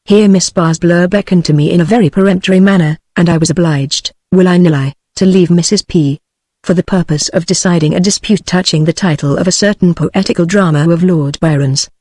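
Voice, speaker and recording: A woman's voice: lowish voice, a little fast, no echo. Synthetic British woman reading an audiobook. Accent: British English. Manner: even synthetic reading, reads punctuation aloud. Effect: text-to-speech voice. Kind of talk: scripted audiobook narration.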